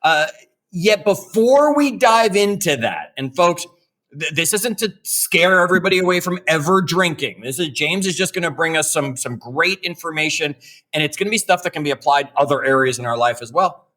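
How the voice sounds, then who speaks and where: A man's voice: on the high side, expressive, normal speed, bright, forceful tone. A man co-hosting a podcast, chatting in an upbeat way. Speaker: podcast co-host. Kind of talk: podcast interview.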